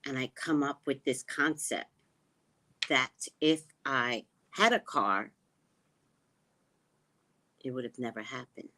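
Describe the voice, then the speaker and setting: A woman running a spiritual vlog, talking slowly and reflectively and often dropping to a hushed tone. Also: very deep voice. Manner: slow, musing, often drops to a hushed tone. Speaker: spiritual reader and vlogger. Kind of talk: reflective personal talk. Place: living in the Caribbean.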